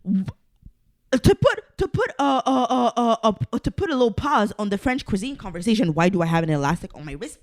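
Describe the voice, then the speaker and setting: A woman's voice: mid-range voice, animated, fast talker, few pauses. Foul-mouthed young woman ranting. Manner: swears a lot, ranty and digressive; exasperated, exaggerated complaining. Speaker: podcast host. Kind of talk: casual solo podcast rant.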